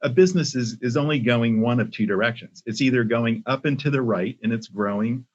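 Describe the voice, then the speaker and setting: An older man talks as a podcast guest, measured and thoughtful, often pausing to restart a sentence. His voice has a husky edge. The recording sounds dull and lo-fi. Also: mid-range voice. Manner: measured, many ums and restarts. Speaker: podcast guest, company CEO. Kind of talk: casual interview talk. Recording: muffled lo-fi audio.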